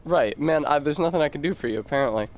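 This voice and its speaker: A man's voice: a little high, animated, quick pace, a little hiss or hum. Rambling male game streamer. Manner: rambling, reads aloud to chat, swears casually. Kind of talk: casual gaming stream chat.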